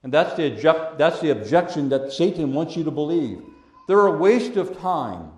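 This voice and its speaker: A man preaching a sermon as pastor, emphatic, repeating phrases and swinging between loud declarations and hushed words. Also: a little high, sing-song, normal speed, roomy sound.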